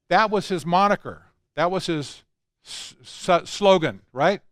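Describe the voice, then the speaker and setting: An older man lectures to a room with emphatic, conversational delivery, slipping in asides along the way. His voice sits a bit high and comes across smooth and clear, with a dry, close sound. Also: moderate pace, fairly bright tone, no echo. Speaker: conference speaker. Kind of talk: lecture talk.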